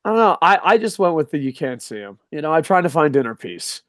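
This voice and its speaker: A man's voice: a little high, very animated, quick pace, fairly bright tone, a little hiss or hum. A man co-hosting a casual wrestling chat, sarcastic and swearing freely, laughing at his own jokes. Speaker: podcast co-host.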